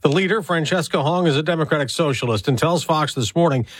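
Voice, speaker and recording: A man anchoring a national radio newscast, reading headlines in a crisp, measured delivery. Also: on the high side, no echo. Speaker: network radio news anchor. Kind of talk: news reading.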